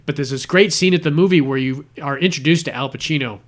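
A man co-hosting a casual movie podcast, retelling film scenes with lively acted-out bits. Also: a little high, fast. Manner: animated storyteller acting out scenes. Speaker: podcast co-host.

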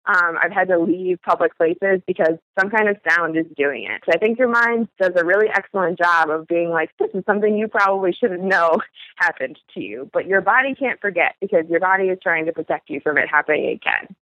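An earnest podcast host tells a personal story, pausing and restarting as the thoughts come. The voice is bright and forceful, close and dry. The audio is a little dull and lo-fi. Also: mid-range voice, no echo. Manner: earnest, halting, thinks aloud, frequent "like".

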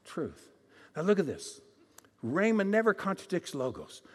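A man preaches a sermon in a notably high voice, swinging from loud proclamations to hushed asides. He keeps prompting his listeners to call back to him. A long reverb trails his voice through a large hall. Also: wildly swooping pitch, measured pace. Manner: calls for audience responses.

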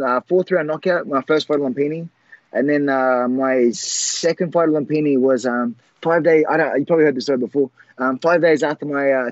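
A man in his forties, a former fighter, telling old fight stories in a rambling, halting way, full of fillers and restarts. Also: medium pitch, no echo, lo-fi sound. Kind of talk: casual storytelling.

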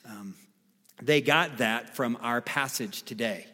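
A man preaching a sermon as pastor, emphatic, repeating key phrases and swinging between quiet and loud. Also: medium pitch, takes it slowly. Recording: long reverb of a large hall.

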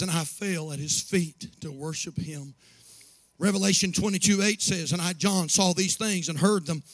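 A pastor delivers an impassioned sermon in a high, bright voice. He swings from hushed, confiding asides to ringing shouts. The sound is dry and close, with no room around it. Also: no echo. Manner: impassioned preaching that rises to shouts.

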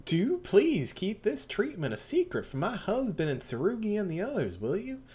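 Woman putting on a high genteel Southern belle. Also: huge pitch swings, moderate pace, warm tone. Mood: boastful. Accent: Southern US put-on. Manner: sugary, genteel, feigning innocence. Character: pampered middle-aged Southern belle woman, evasive.

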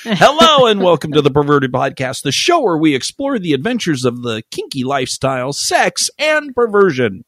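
A man's voice: fairly high pitch, wildly swooping pitch, moderate pace, few pauses, a bit bright, dry recording, studio quality. A man hosting a podcast, chatting playfully and feigning offense for laughs. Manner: playful, mock-indignant. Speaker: podcast host. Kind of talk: casual chat.

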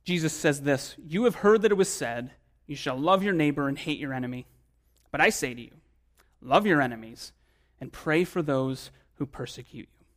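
A man, a pastor, preaching a sermon in a conversational style, with casual phrasing that swells in emphasis and drops to quiet asides. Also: on the high side, normal speed.

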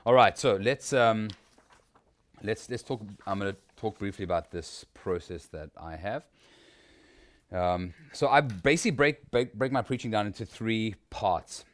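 A man with a low, easy voice leads a workshop for preachers. He talks in a loose, conversational way, often restarts his sentences and puts rhetorical questions to the room. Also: lively intonation, unhurried. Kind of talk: informal teaching talk.

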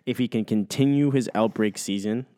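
A man co-hosting a sports podcast, agreeable and easygoing, making his picks in a relaxed way. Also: lowish voice, moderate pace. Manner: agreeable, easygoing, lots of backchannel. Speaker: hockey podcast co-host. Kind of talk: casual sports chat.

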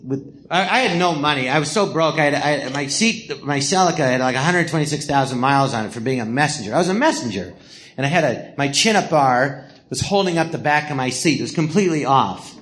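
A middle-aged man from the Los Angeles area with a slightly high voice tells stories in a relaxed interview. He laughs often and acts out what others said. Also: brisk. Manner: animated, laughing storyteller who acts out quotes. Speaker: podcast host telling stories. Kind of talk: casual storytelling interview. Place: small live theater.

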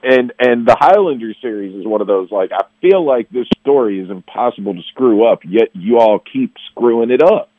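A man co-hosting a morning radio show, telling stories in animated, jokey rants. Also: medium pitch, normal speed, hardly any pauses, no room sound, muffled recording. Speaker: radio co-host. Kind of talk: casual morning radio chat. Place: radio studio.

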